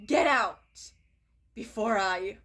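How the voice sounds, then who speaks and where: A woman's voice: medium pitch, drawn-out words, a bit bright. A woman voicing a stern, fierce female warrior cat deputy from a storybook, with a firm, commanding delivery.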